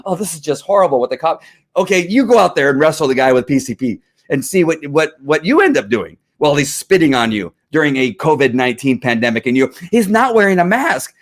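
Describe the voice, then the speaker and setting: A man's voice: fairly high pitch, brisk, few pauses. A middle-aged man, a former police officer, riled up and ranting in heated commentary, full of restarts. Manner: riled up, animated, talks over himself with restarts.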